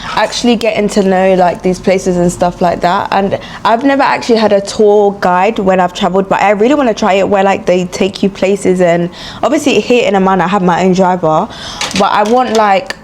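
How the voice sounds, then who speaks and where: A young London woman, a beauty and travel vlogger, chats frankly in a get-ready-with-me video filmed indoors while travelling, sprinkling in plenty of "like" and "you know." Her medium-pitched voice has a darkish tone and normal pace, with a little hiss or hum.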